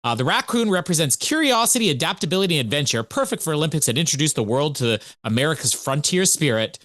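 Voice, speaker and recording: A man co-hosting a podcast, his voice sitting a little high and moving a lot as he tells stories. He talks in an animated, chatty way. The sound is dry and close. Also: fast talker, dry recording. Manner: animated, chatty storytelling with laughs. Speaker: podcast co-host. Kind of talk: casual podcast chat.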